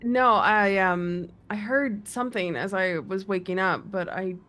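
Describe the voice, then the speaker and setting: Female player, mid-pitch, halting and nervous in-character delivery for a tabletop game. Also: a bit bright. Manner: stammering, anxious questions. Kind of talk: in-character tabletop role-play.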